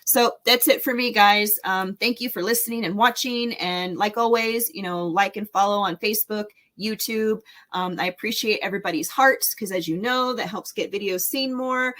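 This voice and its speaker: A woman's voice: medium pitch, normal speed, hardly any pauses, fairly bright tone. Enthusiastic woman host, encouraging. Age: 40s. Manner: enthusiastic, encouraging, rambling with fillers. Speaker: podcast host and speaker. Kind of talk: casual solo podcast talk.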